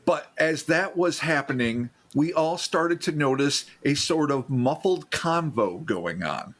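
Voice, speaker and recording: A man hosting a casual podcast, reading listener stories aloud with animated, joking outbursts. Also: unhurried. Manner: animated, swearing, laughs and jumps into loud high outbursts.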